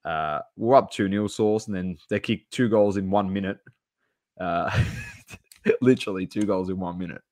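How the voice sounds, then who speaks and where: A man's voice: sits low, normal speed, darkish tone, no echo. A man co-hosting a casual sports podcast, rattling off football scores and laughing often. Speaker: podcast co-host.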